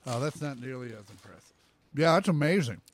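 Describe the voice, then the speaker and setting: A man's voice: mid-range voice, animated, brisk, slightly rough. A man co-hosting a podcast, teasing and riffing playfully in casual chat. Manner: jokey, playful riffing, sings nonsense. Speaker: podcast co-host.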